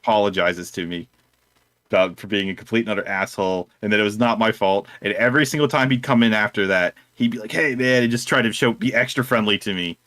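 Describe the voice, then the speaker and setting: A man's voice: on the low side, fast talker, a bit bright, no room sound. A man co-hosting a casual chat, telling a rambling story and laughing through it. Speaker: co-host of a discussion stream.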